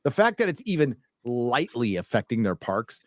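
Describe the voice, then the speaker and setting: A man co-hosts a casual podcast chat, rambling, joking, and trailing off into asides. His medium-pitched voice swings widely in pitch at a normal speed, and the studio-quality recording has no echo.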